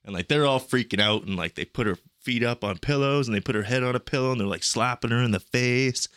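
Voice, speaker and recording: Profane, animated young man telling travel stories. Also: mid-range voice, quick pace, smooth, no room sound, clean studio sound. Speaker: podcast guest. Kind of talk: casual chat.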